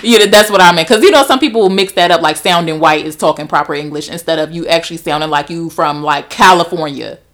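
Woman cohost with a lowish voice, backing her friend up with jokes. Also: quick pace, few pauses, fairly bright tone. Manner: agreeing, chiming in with quips. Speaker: podcast co-host. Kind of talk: casual chat.

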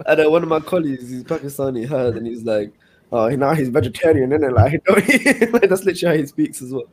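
A man chatting casually with friends, telling a slangy anecdote with quick asides. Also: mid-range voice, slight background noise. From India. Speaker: podcast co-host. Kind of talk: casual chat.

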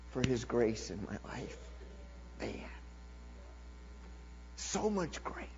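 A man preaching a sermon, reading scripture quietly and then building to loud, shouted exclamations. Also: a little high. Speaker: pastor. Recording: lo-fi recording with mains hum.

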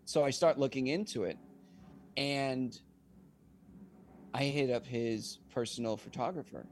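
A young man, a singer-songwriter guest on a podcast, telling a casual anecdote in an animated way and acting out the dialogue. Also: medium pitch, a little slow, a little hiss or hum. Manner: animated, acts out quoted dialogue.

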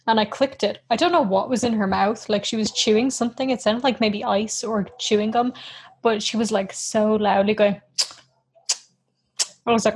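A woman's voice: medium pitch, fairly even intonation, normal speed, breathy edge. A woman co-hosting a podcast in a casual chat, giggly and rambling, often poking fun at herself. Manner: giggly, rambling, self-mocking. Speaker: podcast co-host.

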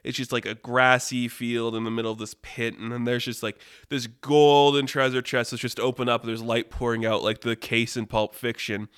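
A man telling an improvised story casually, rambling and animated with lots of fillers. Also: mid-range voice, moderate pace, hardly any pauses, clean tone, no room sound. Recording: dry close mic.

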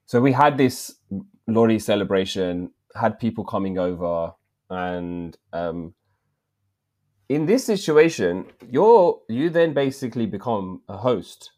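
A man's voice: on the low side, unhurried. A man with an English accent in his thirties, telling a story in casual podcast chat with lots of slang. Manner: slangy, animated, drops in "bruv" often. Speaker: podcast co-host.

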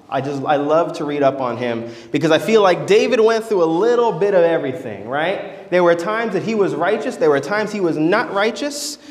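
High-pitched guy preaching, storytelling, big echoey church hall. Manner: storytelling, acting out voices in quotes. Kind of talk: sermon.

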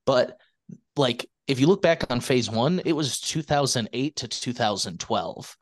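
A man's voice: medium pitch, expressive, measured pace. A man speaking as a guest on a casual podcast, talking enthusiastically and acting out his own past reactions in quoted asides.

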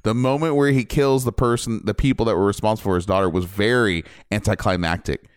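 Smooth-voiced man ranting about a film. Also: fairly low pitch, fast talker, no room sound, clean studio sound. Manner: animated, opinionated, jumps between points. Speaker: podcast host reviewing a film. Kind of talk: casual spoiler review chat.

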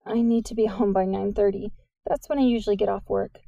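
A woman's voice: mid-range voice, steady tone, brisk, creaky, mellow, dry recording, close to an everyday voice. A woman reading the lines of an awkward, self-conscious teenage girl who talks a little nervously.

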